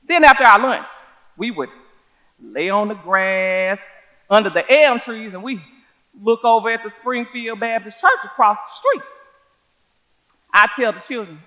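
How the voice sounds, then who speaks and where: An actress in a one-woman stage show, playing a proud older schoolteacher from who tells her story in a measured, folksy way. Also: a little high, pushed and bright, muffled recording. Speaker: stage performer. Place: theater stage.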